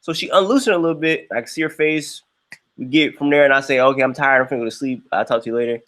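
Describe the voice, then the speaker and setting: A young man hosting a livestream, telling a story in a casual, animated way and jumping into high voices when he quotes people. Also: fast talker. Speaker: livestream host.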